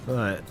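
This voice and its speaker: A young man streaming a game, chatting casually, teasing himself and laughing often. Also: a bit bright. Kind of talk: live let's-play commentary. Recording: game music underneath.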